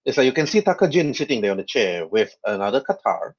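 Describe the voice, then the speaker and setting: A man narrating as game master of a tabletop game, with quick put-on voices for side characters. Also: medium pitch, very animated, husky. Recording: dull lo-fi voice chat audio.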